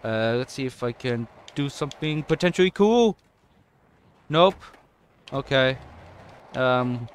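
A young man with a non-American English accent doing casual let's-play commentary, chatty and excitable, swearing and yelping at in-game mishaps. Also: medium pitch, clear, resonant tone. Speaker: gaming YouTuber.

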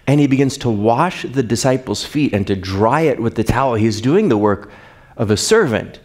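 A pastor preaching a sermon, rising for rhetorical questions and dropping soft when reading scripture. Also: male voice, medium pitch.

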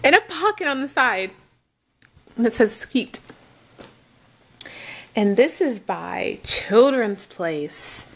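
A young woman gushing over gifts in an excited unboxing vlog, gasping and repeating exclamations of delight. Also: a little high, takes it slowly, pauses often.

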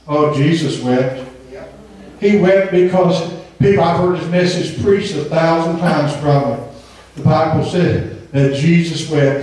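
In a church sanctuary, a man from Southern Indiana preaches fervently in a voice that's on the high side with a darkish tone. His delivery is emphatic, full of amens, and occasionally breaks into song. The sound is distant and echoes through the hall.

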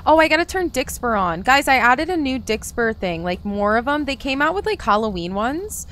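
A woman's voice: fairly high pitch, big pitch swings, moderate pace, hardly any pauses, a bit bright, slight background noise. A woman streaming a game, chatting casually and talking to her viewers by name. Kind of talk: casual live-stream chat while gaming.

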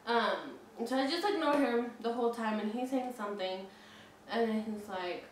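A chatty young woman in her twenties tells a story, leaning on "like" and swearing freely, in a slightly high voice. She is recorded from a distance in a very echoey room with faint noise behind her. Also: lively intonation, normal speed, a bit bright. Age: 20s. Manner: chatty, heavy use of "like", frequent swearing. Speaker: vlogger. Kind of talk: casual storytelling.

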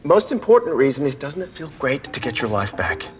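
A man's voice: medium pitch, sing-song, fairly quick, in a large hall, lightly acted. Actor playing a teasing, cocky male consultant. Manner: teasing, breezy, coaxing. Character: playful, cocky male consultant who tricks people. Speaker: police consultant. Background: faint film score music.

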